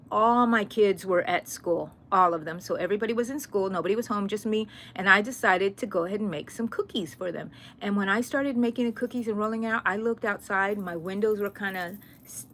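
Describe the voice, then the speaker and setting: A middle-aged woman, chatting casually with viewers on a crochet livestream, given to sudden excited squeals. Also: mid-range voice, a little hiss or hum.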